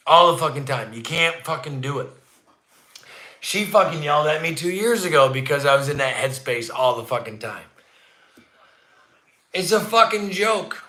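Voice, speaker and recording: A man hosting a casual livestream from his home, ranting with heavy swearing and swinging from low grumbles to shouts. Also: lively intonation, moderate pace, long pauses. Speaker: livestream host. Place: indoor room at home, not the barn. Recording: echoey room.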